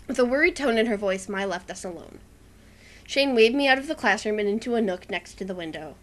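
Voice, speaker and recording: A young woman co-hosting a let's play, talking and reading a game aloud with animated, dramatic enthusiasm. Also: medium pitch, fairly quick.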